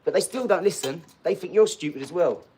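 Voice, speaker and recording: A man's voice: high-pitched, animated, a little fast, a little mellow, slight background noise. A man, chatting bluntly on a livestream and answering viewers' comments, swearing and often laughing as he talks. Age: 40s. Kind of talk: casual livestream chat.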